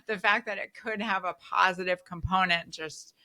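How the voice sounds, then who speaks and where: Woman podcast host, bright voice, chatty and laughing a lot as she tells stories. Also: lowish voice, normal speed. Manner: animated storyteller, laughs often. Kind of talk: casual podcast conversation.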